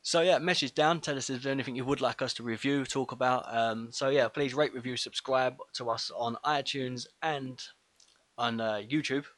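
This is a man co-hosting a casual podcast, easygoing and full of ums and uhs as he thinks aloud. His mid-pitched voice sits close and dry on the mic, with no room sound around it. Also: moderate pace, no echo. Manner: relaxed, hesitant, lots of fillers. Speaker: podcast co-host. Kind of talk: casual film review chat.

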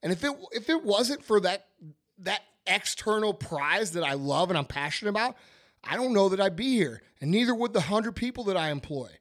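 A man's voice: high voice, sing-song, brisk, a bit bright. A man, talking bluntly and emphatically on a podcast and swearing a lot. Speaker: podcast host, business owner. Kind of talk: casual podcast chat.

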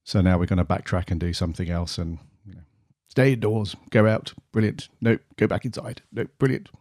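A man playing a dithering politician who keeps reversing himself. The low, mellow voice is close and dry. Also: brisk, dry recording. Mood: mocking. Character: flip-flopping male politician, dismissive.

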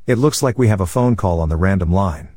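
A man hosting a comedy radio show with a flat, stilted, robot-like delivery. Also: sits low, fairly quick, very noisy.

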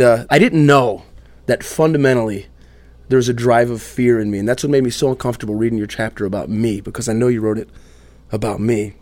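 Podcast host, male, thirties, candid animated storyteller, dry close mic. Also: mid-range voice, no room sound. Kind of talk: casual podcast conversation.

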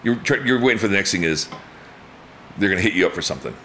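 At a quick pace, a fifty-something man tells stories as a guest in a laid-back conversation, performing quotes with big pitch jumps and laughing often. A faint hiss or hum is audible.

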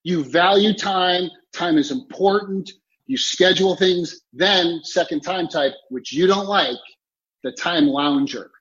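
A man's voice: high voice, a little slow, fairly bright tone, lo-fi sound. A man giving a motivational interview as a time coach, talking emphatically and repeating key phrases. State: clearing throat, choked up.

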